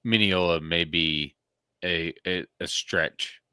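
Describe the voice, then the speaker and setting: A man's voice: low voice, steady tone, slow pace, bright, forceful tone, clear, resonant tone, no room sound. A man co-hosting a hunting podcast, joking crudely and reading the outro. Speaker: podcast co-host. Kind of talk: casual podcast banter.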